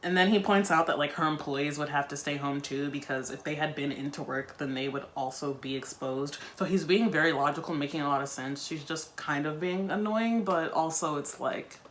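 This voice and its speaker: This woman has a deep voice and reads briskly with few pauses, breaking from the book on her video channel for wry, chatty remarks. A little hiss or hum sits under the recording of this casual read-aloud.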